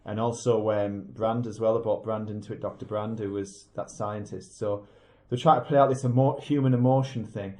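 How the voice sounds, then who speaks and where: A man's voice: fairly low pitch, steady tone, moderate pace, few pauses, mellow, slight background noise. A man co-hosting a casual podcast, picking apart a film in an analytical, rambling way with many restarts. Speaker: podcast co-host. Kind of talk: casual film review chat.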